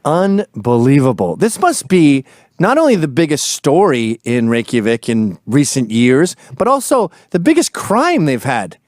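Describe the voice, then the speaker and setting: A man hosting an interview in a casual chat style, wry and incredulous in quick banter. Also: medium pitch, big pitch swings, a little mellow, no room sound, clean studio sound. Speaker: host.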